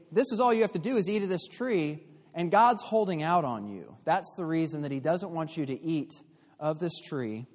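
A man teaching a church class in an explanatory way, pausing and restarting often. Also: medium pitch. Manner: explanatory, with frequent fillers and restarts. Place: church hall. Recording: long hall reverb.

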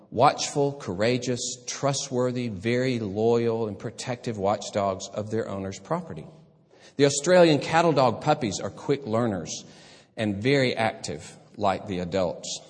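A man preaching a sermon as pastor, animated and conversational, with humorous asides. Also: on the low side, measured pace, long reverb tail.

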